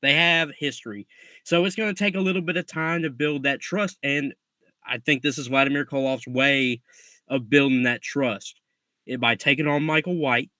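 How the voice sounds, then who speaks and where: A man co-hosting a wrestling preview show, speaking haltingly and repeating himself as he explains. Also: medium pitch, bright, forceful tone, dry recording. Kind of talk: casual podcast chat.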